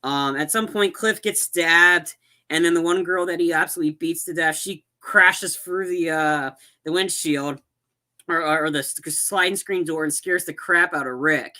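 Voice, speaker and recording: Podcast guy recapping a movie, bright sharp voice, keeps restarting sentences. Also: a little high, moderate pace. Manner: rambling retelling with many restarts and acted-out quotes. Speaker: podcast co-host.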